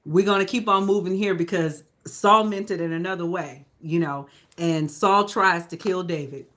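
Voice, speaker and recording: A Bible study teacher leading a live lesson in a relaxed, conversational way, often checking in with "you know?" and sometimes restarting a sentence to fix the wording. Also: medium pitch, normal speed. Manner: restarts and self-corrections.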